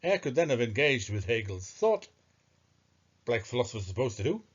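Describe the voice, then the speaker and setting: A man's voice: medium pitch, big pitch swings, a little fast, slightly rough. A man giving discursive, scornful commentary on philosophy, thinking aloud with hesitations. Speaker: philosophy video narrator. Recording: muffled lo-fi recording.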